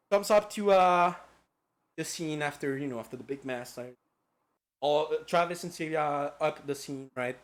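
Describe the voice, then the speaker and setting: A man streaming a casual lecture-style game recap, rambling and profane with lots of filler words. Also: on the high side.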